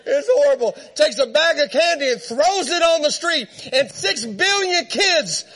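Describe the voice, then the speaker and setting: A man preaching a sermon, telling a comic story in an animated way and laughing as he talks. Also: extremely high pitch, measured pace.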